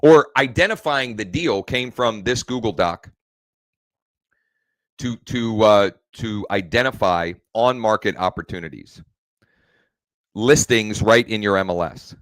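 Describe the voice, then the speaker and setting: Man, real estate coach, home live stream; slow, low, restarts lines, dry sound. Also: a bit bright, dry recording. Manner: rambling, self-correcting, restarts phrases. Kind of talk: casual live-stream teaching.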